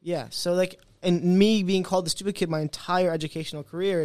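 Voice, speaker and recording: Lively man telling his story. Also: a little high, fast, few pauses, dry recording. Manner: animated, acts out quoted voices. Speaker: interview guest. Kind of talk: storytelling in a casual interview.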